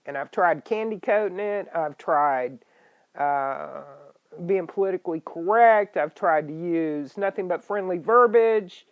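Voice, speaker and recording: A middle-aged woman, hosting a political podcast in an angry, scolding rant with sudden loud outbursts. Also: fairly low pitch, a little slow. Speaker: podcast host. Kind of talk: ranting political podcast monologue. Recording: dull lo-fi internet radio stream.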